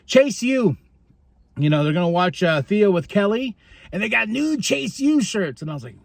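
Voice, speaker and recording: A man hosting a podcast, recapping wrestling in a casual, excitable way, often laughing and acting out what people said. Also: high-pitched, normal speed, vocal fry. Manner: excitable, chatty, laughs often, acts out quotes. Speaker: podcast host.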